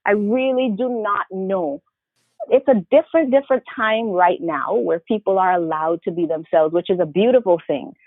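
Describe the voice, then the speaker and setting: A woman from Saint Vincent and the Grenadines with a faint Vincentian accent, telling her story in a reflective, animated way as an interview guest. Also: mid-range voice, normal speed, dry recording. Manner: reflective, animated storyteller, mimics others' voices. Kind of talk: casual interview conversation. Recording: tinny phone-like call audio, dry.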